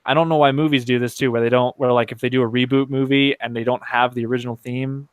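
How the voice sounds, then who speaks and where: A man chatting casually as a guest on a fan discussion stream, measured and laid-back. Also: mid-range voice, flat delivery, smooth, dry recording, muffled recording.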